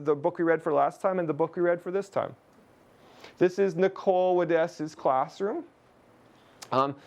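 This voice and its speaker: A man from Canada leading a teacher webinar on a video call, chatty, with jokey asides to his audience. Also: high voice. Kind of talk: webinar presentation.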